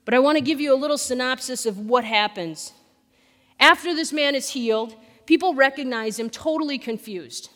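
High-voiced woman preaching in a reverberant hall. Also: moderate pace. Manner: animated storytelling, acts out questions and quotes. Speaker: pastor. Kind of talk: sermon. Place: church sanctuary.

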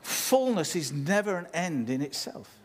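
Unhurried and a touch high in pitch, he preaches in a lively, conversational manner, turning now and then to address the congregation.

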